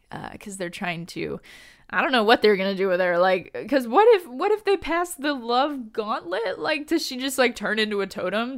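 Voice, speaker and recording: A woman giving a casual fan recap of a TV episode, excited and gushing, with lots of fillers and laughter. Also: mid-range voice, clear, resonant tone.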